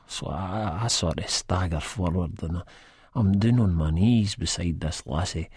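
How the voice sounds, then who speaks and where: A man's voice: low-pitched, animated, moderate pace, a little mellow, slightly rough, no room sound, clean studio sound. A man with a Scottish accent narrating an audiobook in first person, in a mumbling, hesitant way.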